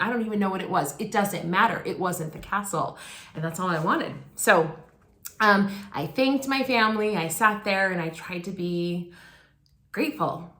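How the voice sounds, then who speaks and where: A woman's voice: on the low side, a bit bright. A woman in her forties telling a personal story in a sermon, casual and conversational, with many fillers and restarts. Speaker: guest speaker. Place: church. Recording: echoey church hall.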